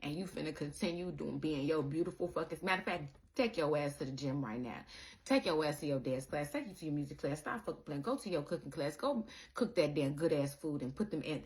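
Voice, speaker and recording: A woman talking casually to her followers in an animated, profane monologue, laughing often. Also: sits low, a little fast. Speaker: social media creator. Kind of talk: casual direct-to-camera monologue. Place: in Chicago.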